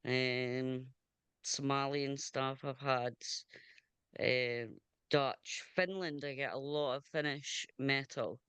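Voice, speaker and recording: Scottish lady radio host chatting away on a video call, smooth clear voice, dry sound. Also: rumbling low, steady tone, fairly bright tone, no echo. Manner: chatty and enthusiastic, quick to laugh. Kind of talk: casual video interview chat.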